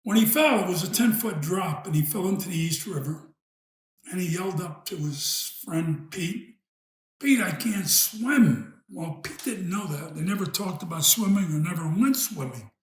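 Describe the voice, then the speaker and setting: A man with a New York accent, telling an old family story in a casual, unhurried way, pausing and trailing off into asides. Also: high-pitched. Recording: echoey room.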